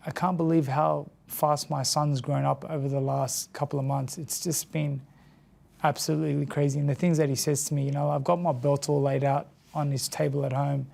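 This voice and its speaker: A man from Australia in his thirties, a former boxer speaking as an interview guest, talking softly and haltingly, often repeating words. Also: fairly high pitch, little pitch movement, gravelly. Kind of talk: emotional sit-down interview.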